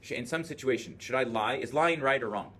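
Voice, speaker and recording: A man's voice: medium pitch, fairly quick, fairly bright tone, a little hiss or hum. A man teaching a classroom lecture, explaining ideas while thinking aloud with many filler words, recorded by a camera in the room. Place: classroom with a screen. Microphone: video camera in the classroom.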